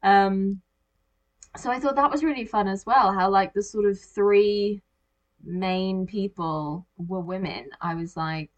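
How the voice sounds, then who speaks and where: A woman talks through a movie with a friend in a loose, chatty way. She slips into little acted-out quotes of her own reactions, her voice sitting at an ordinary middle pitch. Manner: animated, acts out reactions in quoted asides. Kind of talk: casual movie discussion.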